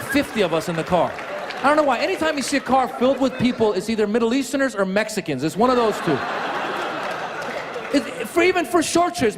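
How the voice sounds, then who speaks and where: A man from Iran performing a stand-up comedy set, animated and joking with the audience on a club stage. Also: high-pitched, in a large hall. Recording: live club audience laughter and noise.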